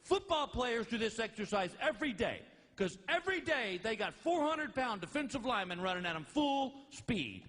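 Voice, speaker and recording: Guy doing a blunt gym-rat trainer dude, matter-of-fact, kinda high voice. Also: sing-song, moderate pace, fairly bright tone, long reverb tail, full character voice. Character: gym-obsessed male personal trainer, blunt.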